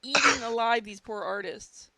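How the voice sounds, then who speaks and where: A woman's voice: a little high, normal speed, background noise. A woman chatting casually as a podcast host, blunt and crude with laughing asides.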